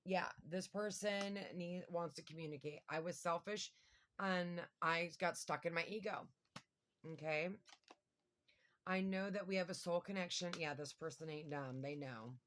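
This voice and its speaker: A woman's voice: lowish voice, unhurried, fairly bright tone. A woman giving a casual tarot reading to her viewers, chatty and thinking aloud with lots of fillers. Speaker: tarot reader.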